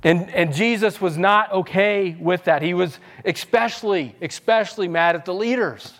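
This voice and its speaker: Storytelling male pastor, slightly high voice. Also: normal speed, fairly bright tone. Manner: conversational, self-deprecating storytelling with playful impressions. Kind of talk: sermon. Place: church sanctuary.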